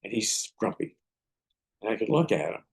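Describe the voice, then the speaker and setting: Male podcast host, husky and low-voiced, earnest storyteller with preacherly advice. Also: very animated, normal speed. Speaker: podcast host and martial arts teacher. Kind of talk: motivational podcast monologue.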